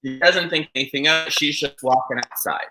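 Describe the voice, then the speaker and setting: A man hosting a casual chat podcast, telling stories in a rambling, animated way. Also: on the high side, brisk, a little hiss or hum, poor audio. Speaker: podcast host.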